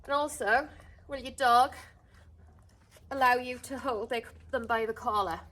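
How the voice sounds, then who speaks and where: A woman with a high voice teaches dog training at an unhurried pace. She explains each step plainly and breaks into bright, sing-song calls to her dog. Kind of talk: outdoor dog training lesson.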